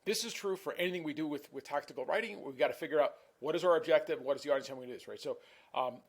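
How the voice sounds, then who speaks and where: A man's voice: a little high, slightly rough. A man giving a recorded online class lecture in a conversational way, often repeating words and restarting phrases. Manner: self-admittedly talks fast.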